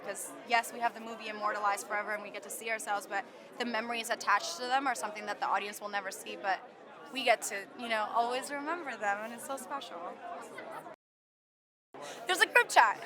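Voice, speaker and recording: Excited actress from Canada, slightly high woman's voice, street crowd chattering behind; gushing premiere interview. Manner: bubbly, gushing, lots of "like". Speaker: actress at her film premiere. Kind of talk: red carpet interview. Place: outdoor red carpet premiere. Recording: loud crowd noise outdoors.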